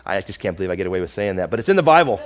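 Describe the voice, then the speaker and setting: A man's voice: low voice, sing-song, rapid-fire, slight background noise. A male pastor preaching a conversational, emphatic sermon to his congregation.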